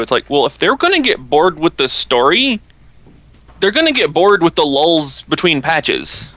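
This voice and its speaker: A man calling in to a gaming talk show, speaking in a halting way and losing his train of thought. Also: on the high side, sing-song, sharp tone, no echo. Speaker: caller. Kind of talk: casual call-in talk. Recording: dull, dry call-in line.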